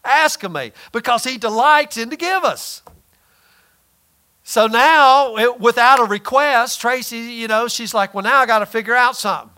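Guy preaching, high bright voice, chatty and emphatic, does little voices for quotes. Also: normal speed. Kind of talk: sermon.

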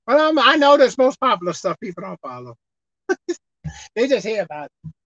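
A woman preaching a sermon, emphatic, swinging between loud exhortation and quiet asides, slowing down to read scripture. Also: on the high side, big pitch swings, highs cut off.

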